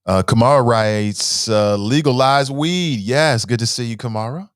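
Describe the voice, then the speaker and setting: Male show host, mid-pitched, dry close sound, casual and animated, reads viewer comments. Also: measured pace, clean tone, dry recording. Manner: conversational, reads viewer comments aloud, often starts with "uh"; animated, stressing words as he argues points.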